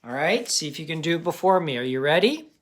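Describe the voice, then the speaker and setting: A man's voice: a little high, big pitch swings, quick pace. A man teaching a phonics lesson to children, patient and encouraging, checking in often with "okay?".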